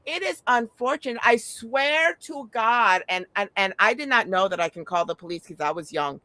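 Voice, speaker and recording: A woman's voice: on the high side, expressive, moderate pace, bright, forceful tone, no echo. A middle-aged woman talking in a casual chat, telling stories bluntly and animatedly, with frequent swearing.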